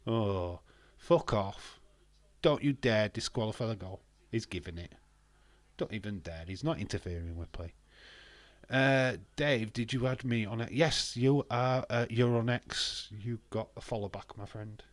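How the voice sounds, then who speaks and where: A man hosting a live stream, chatting casually and reading viewer comments in an excitable, swearing, laughing manner. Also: lowish voice, measured pace, no room sound.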